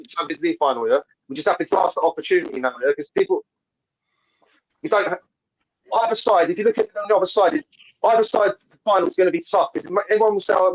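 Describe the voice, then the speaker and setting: On a low-quality recording, a caller joins a fan show over video and chats fast and casually about football. His voice sits slightly high for a man, and in his eagerness he restarts sentences as he goes.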